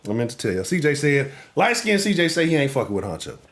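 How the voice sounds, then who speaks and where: A fast-talking man from Houston hosts a live sports talk show, ranting in a profane, animated style that swings between loud outbursts and low mutters.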